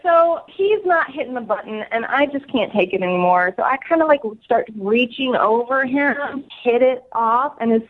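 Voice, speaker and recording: A woman's voice: fairly high pitch, animated, normal speed, few pauses. A woman calling into a radio show, talking earnestly and hedging a lot with "like" and "I mean.". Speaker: caller. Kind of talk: casual phone conversation. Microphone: phone. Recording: slightly dull phone line.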